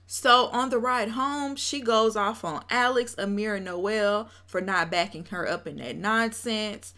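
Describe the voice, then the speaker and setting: A young woman talks straight to her viewers in a blunt, opinionated recap of a reality show. She judges freely and livens up her retelling by acting out what people said. Her pitch sits in an everyday middle range. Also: a little slow, few pauses. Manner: animated, acts out quotes in put-on voices.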